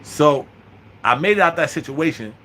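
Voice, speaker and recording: A man in his thirties telling a prison story in an animated, profane, slang-heavy way, with lots of restarts. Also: a little high, moderate pace, a little hiss or hum. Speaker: vlogger. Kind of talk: storytime monologue.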